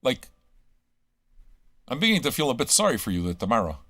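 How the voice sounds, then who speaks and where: Guy hosting a stream, swearing nonstop, keeps asking do you understand, dry close sound, middle pitch. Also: very animated, fairly quick, pushed and bright, no echo. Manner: profane, ranting, heavy on rhetorical questions. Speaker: radio stream host. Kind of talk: crude rambling monologue to chat.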